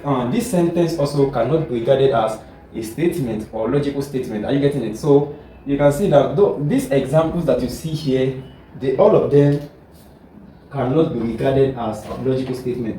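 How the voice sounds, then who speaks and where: A man's voice: medium pitch, mellow, a little hiss or hum. A man teaching a logic lesson, repeating himself and often checking whether the students follow. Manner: repetitive, keeps checking understanding. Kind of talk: classroom lesson explaining logic. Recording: echoey room, mic at a distance, faint ambience.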